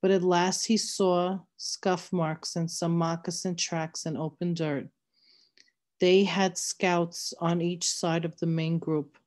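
Woman, reading a novel aloud, steady measured narration, low voice. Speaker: reader.

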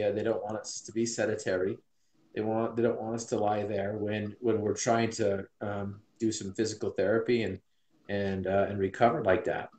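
A man in his forties from Utah, USA, with a lowish, slightly mellow voice, tells a personal story as an interview guest. He's earnest and reflective, with many restarts. The recording has a roomy echo.

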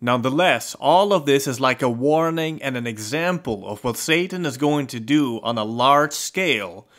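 A man reading a scripted voice-over narration in a grave, measured way. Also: mid-range voice, lively intonation, fairly bright tone. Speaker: video narrator.

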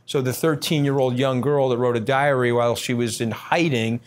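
A man answering interview questions bluntly and combatively, brash and scathing, talking in quick bursts with many fillers. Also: medium pitch, steady tone. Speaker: interview guest.

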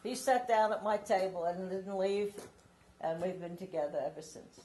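A woman in her eighties recalling her life with her partner in an oral history interview, speaking plainly and warmly. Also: medium pitch, normal speed, a little hiss or hum. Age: 80s. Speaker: veteran's partner.

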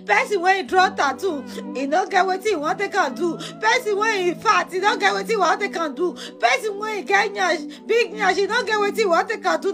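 Comic skit: a woman plays a jilted woman abroad, Nigerian accent, very high and swooping, sob-laughing pleas, music underneath. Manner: wailing plea mixing sobs and laughter. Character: jilted young woman abroad begging for her money.

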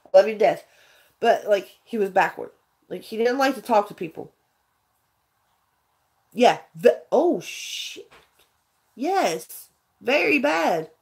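A woman's voice: mid-range voice, animated, takes it slowly, creaky, long pauses. A woman telling a story in a casual livestream chat, rambling and earnest, with frequent restarts. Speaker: vlogger chatting with viewers.

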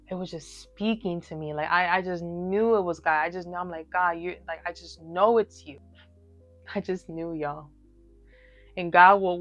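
A woman in her early twenties, with a lowish voice on dull-sounding audio, shares her personal faith testimony. She talks straight to her viewers in a casual, emphatic way, full of fillers.

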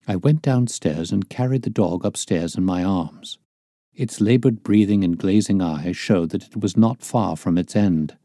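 A man reading a classic detective novel aloud as storyteller, in measured, descriptive narration. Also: low-pitched, mellow, dry recording, clean studio sound.

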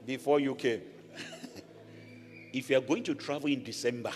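A man from Nigeria preaching a sermon as pastor, animated, rising to shouted blessings over the congregation. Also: mid-range voice, a little slow. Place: large church hall. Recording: echoey church hall with music.

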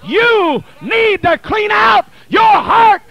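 A man who is a bishop, preaching a Pentecostal sermon in a church, with a rhythmic, chanted, shouting delivery, on an archival 1980 church recording. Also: very high-pitched, lively intonation, very slow, gravelly, poor audio. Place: church sanctuary.

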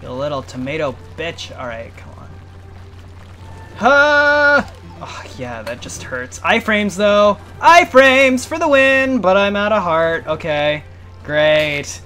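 A man with a bright, somewhat high voice gives let's play commentary into a desk mic. He keeps up a running stream of talk to himself and his viewers, breaking into panicky yelps and swearing, with faint game music underneath. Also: takes it slowly. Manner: excitable, panicky outbursts and cursing while playing. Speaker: gaming channel host.

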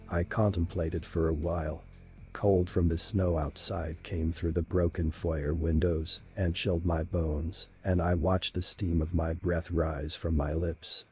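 A man reading a horror story in a slow, measured, dramatic style. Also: low voice, little pitch movement, a little mellow, soft background music. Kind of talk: scripted horror narration.

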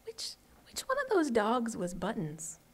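A frightened little boy, as a woman reads him aloud, talking in a hushed, whimpering way that slips into whispers. The voice sits a little high and soft, as in a storybook reading. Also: wildly swooping pitch, unhurried, heavily acted. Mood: scared. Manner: hushed, whining, often whispered. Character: scared young boy, hurt eye.

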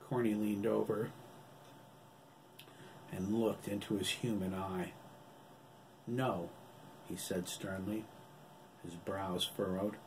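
Low-voiced man narrating an audiobook. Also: level tone, slow pace, long pauses, darkish tone, slight background noise. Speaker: author reading his novel.

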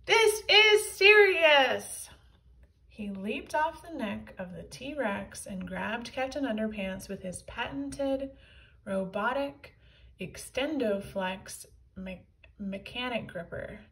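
A woman reading a children's book aloud in a clear storytelling manner. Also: medium pitch, expressive, takes it slowly, far from the mic, poor audio.

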